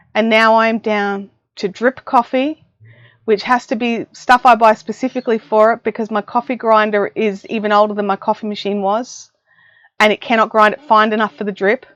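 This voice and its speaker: Medium in pitch and free of room sound, her voice comes through a desk mic as dry, dull lo-fi livestream audio while she listens on headphones. She's a middle-aged Australian woman hosting a casual craft stream from her home craft room and chatting with viewers in a self-mocking way.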